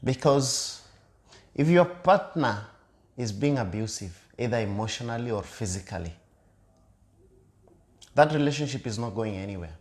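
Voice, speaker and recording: A man's voice: medium pitch, lively intonation, normal speed, long pauses. A man co-hosting a relationship talk with his partner, speaking earnestly and repeating his points with fillers. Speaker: co-host of a couple's channel. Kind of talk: casual chat.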